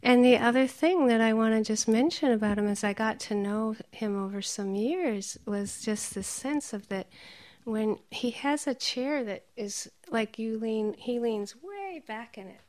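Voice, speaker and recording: A woman meditation teacher giving a dharma talk, telling stories, laughing often and dropping into soft whispers. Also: fairly high pitch, measured pace.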